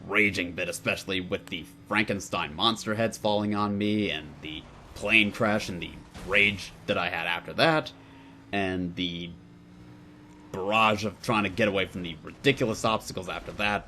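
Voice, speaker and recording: A man's voice: low-pitched, steady tone, normal speed, sharp tone, slight background noise. A young man answering viewer questions at home in a casual, playful, wry way. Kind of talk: casual Q&A monologue.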